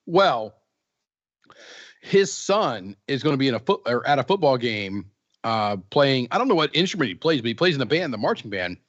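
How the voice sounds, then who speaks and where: A man's voice: mid-range voice, big pitch swings, normal speed, fairly bright tone, lo-fi sound. A man co-hosting a casual podcast from Central Ohio, joking and rambling with restarts. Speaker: podcast host.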